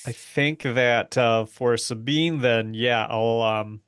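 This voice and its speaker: A man playing a tabletop crime game, who pitches ideas tentatively with many fillers. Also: slow pace, a bit bright, clear, resonant tone, no echo, studio quality. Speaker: player. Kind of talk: tabletop role-play chat.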